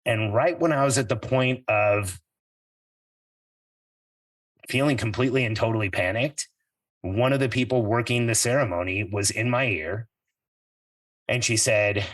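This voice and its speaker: A man's voice: lowish voice, normal speed, fairly bright tone, no room sound, distant mic, rough recording. A middle-aged man hosting a podcast, telling a personal story in an earnest, reflective way that turns a little emotional. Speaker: podcast host.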